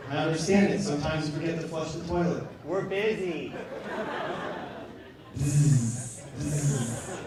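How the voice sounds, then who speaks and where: High-pitched guy doing stand-up, rambly and repetitive, blurts out shouty punchlines, sounds far off the mic in a boomy club with the crowd loud behind him. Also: a little slow, pauses often. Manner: rambling, repeats lines, bursts into shouted punchlines. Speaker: stand-up comedian. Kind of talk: stand-up routine. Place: comedy club stage. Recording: echoey club, distant mic, audience noise.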